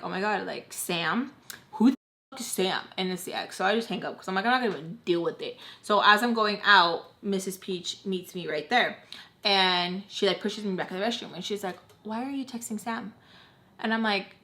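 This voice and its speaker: A woman's voice: mid-range voice, bright, forceful tone. A young woman telling a personal story to camera in a casual, chatty way, full of "like" and acted-out quotes. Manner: chatty, heavy on "like", acts out quoted voices. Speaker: storytime vlogger.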